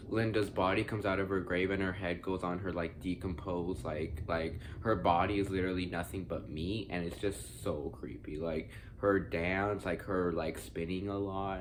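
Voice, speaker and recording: A man's voice: low voice, background noise. A young man giving a casual spoken movie review, rambling with many fillers and restarts and swearing freely.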